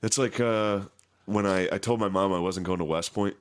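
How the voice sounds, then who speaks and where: A man with a very low, deep voice trading deadpan jokes on a podcast. His delivery is dry and casual, full of offhand swearing and short wry asides. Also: moderate pace. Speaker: podcast co-host. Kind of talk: casual comedic chat.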